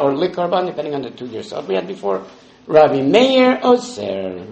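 A man's voice: medium pitch, very animated, moderate pace, vocal fry, a little mellow, roomy sound, muffled recording. A man leading a Talmud study class, explaining the text step by step and quoting Hebrew and Aramaic phrases. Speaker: Talmud teacher.

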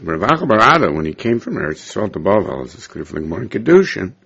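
A man teaching a Talmud class, explaining verses in a lively way with frequent chuckles, on a dull lo-fi recording. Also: fairly low pitch, racing, gravelly.

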